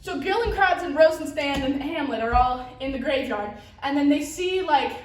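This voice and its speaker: A woman's voice: high-pitched, moderate pace. A woman giving a casual, rambling class presentation, full of fillers and giggles, recorded in a classroom. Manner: rambling, filler-heavy, giggly, breaks into silly voices. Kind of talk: casual, rambling plot summary. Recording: roomy, from a distance.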